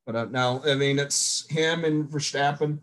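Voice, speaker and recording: A man's voice: medium pitch, measured pace, a bit bright. A man co-hosting a podcast, chiming in with casual jokes. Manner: joking interjections. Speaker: podcast co-host. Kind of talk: casual chat.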